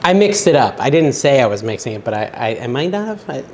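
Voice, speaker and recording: A man's voice: medium pitch, sing-song, fast talker, darkish tone, a little hiss or hum. A man in his forties hosting a casual cooking vlog from his home kitchen, chatting and joking at himself as he goes. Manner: rambling, chatty, self-joking. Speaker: cooking channel host.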